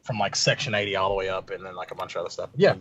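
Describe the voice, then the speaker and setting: Podcast guy, mid pitch, keeps chiming in and teasing, kinda muffled audio. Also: crowd noise. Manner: quick reactions, teasing. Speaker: podcast co-host. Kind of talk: casual chat.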